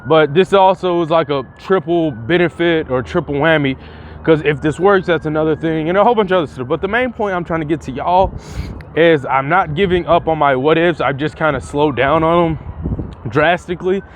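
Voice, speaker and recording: A young man talks straight to his viewers in a loose, rambling way, cursing freely and tripping over restarts. His voice sits fairly high for a man, and faint background noise runs under it. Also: brisk. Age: young adult. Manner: rambling and profane, with frequent restarts. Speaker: vlogger. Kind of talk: casual vlog commentary.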